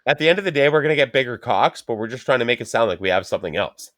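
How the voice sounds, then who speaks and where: A man's voice: medium pitch, lively intonation, rapid-fire, a bit bright. A man co-hosting a podcast, riffing crudely and rambling, often acting out quoted people. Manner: profane, rambling, acts out quoted voices. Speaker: podcast co-host. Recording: dry close-mic sound.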